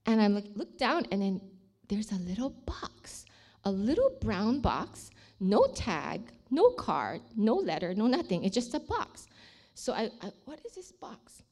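A woman's voice: medium pitch, sing-song, unhurried, a little mellow. A woman sharing a personal faith testimony with emotion, sometimes dropping to a near-whisper at dramatic moments. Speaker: ministry leader sharing a testimony.

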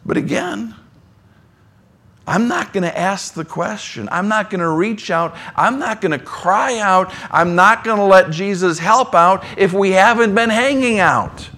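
A man's voice: normal speed, hardly any pauses. Conversational man preaching a sermon. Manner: conversational, swings between soft low asides and emphatic lines. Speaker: pastor.

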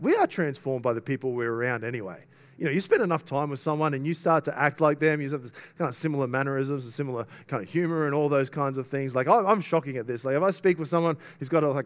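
A man preaching a sermon in an earnest, conversational way, often turning to the listeners with rhetorical questions. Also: mid-range voice.

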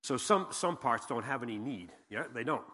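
A man's voice: mid-range voice, lively intonation, moderate pace, bright, forceful tone, breathy edge. A man preaching as a guest pastor in a church, telling a folksy joke and then reading and explaining scripture, often asking the congregation questions. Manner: folksy storyteller, asks the audience questions. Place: church sanctuary. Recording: long hall reverb.

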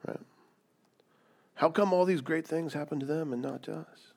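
Man, sermon, emphatic preacher, rhetorical questions, lively rising delivery. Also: on the high side, normal speed, creaky. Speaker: pastor.

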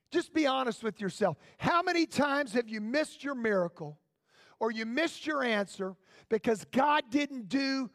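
High-voiced impassioned male preacher. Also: no room sound, clean studio sound. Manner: impassioned, repetitive rhetorical questions, rising to shouts. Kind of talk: sermon. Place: church.

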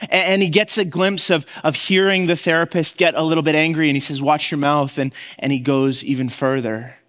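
A man's voice: on the high side, fairly even intonation, fairly quick, a bit bright, big-room sound. A man preaching a sermon in a conversational way, often restarting his words and acting out the voices he quotes. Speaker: pastor.

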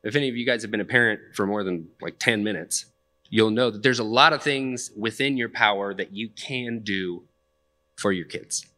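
A man's voice: on the low side, moderate pace, sharp tone. A young man preaching a sermon in a conversational, plainspoken way, with casual asides. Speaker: pastor.

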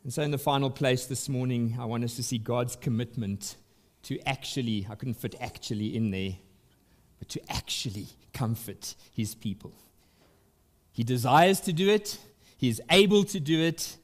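A man pastor preaching a sermon at a church service, emphatic and deliberate, swinging up in pitch and volume to press his points.

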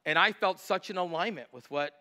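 A middle-aged male pastor preaching a sermon, emphatic on scripture and quieter when telling personal stories. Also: sits high, a little fast.

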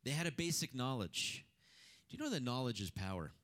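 A man preaching a sermon, reading scripture and then talking in a conversational, animated way with rhetorical questions to the congregation. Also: medium pitch, a little fast. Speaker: pastor.

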